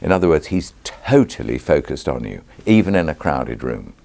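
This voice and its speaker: A British actor in his sixties answering interview questions in a measured, reflective way, pausing with ums and restarting phrases. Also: rumbling low, sing-song, gravelly, a little mellow. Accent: British English. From Britain.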